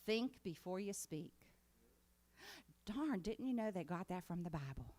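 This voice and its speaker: A woman's voice: lowish voice, expressive, moderate pace, darkish tone. A woman preaching a sermon in a conversational way that builds to emphatic exhortation. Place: congregation meeting hall.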